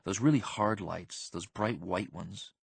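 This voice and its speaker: A man reads a first-person audiobook in a husky, slightly breathy voice. His delivery is flat and deadpan, full of casual teen slang, recorded close and dry. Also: low voice, unhurried, no echo. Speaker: audiobook narrator.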